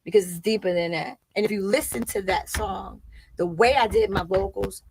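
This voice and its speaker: A middle-aged woman with a Brooklyn accent, telling stories as a guest in a casual interview, blunt and animated. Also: mid-range voice, normal speed, vocal fry, a little hiss or hum, poor audio. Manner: blunt, animated, acts out others' voices. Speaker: rapper guest.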